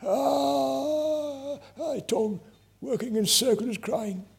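A man preaching a testimony sermon, impassioned, with swings between loud and hushed delivery. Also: medium pitch, unhurried, husky.

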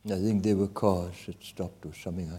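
A man preaching a testimony sermon, impassioned, with swings between loud and hushed delivery. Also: low voice, fairly even intonation, normal speed, breathy edge.

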